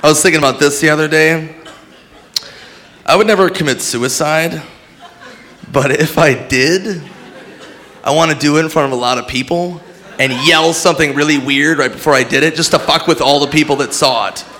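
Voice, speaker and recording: A man doing stand-up with dark, deadpan jokes and sudden shouted bits. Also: on the high side, moderate pace, long pauses, slight background noise. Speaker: stand-up comedian. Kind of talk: stand-up comedy. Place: comedy club stage with live audience. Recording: live club recording with crowd.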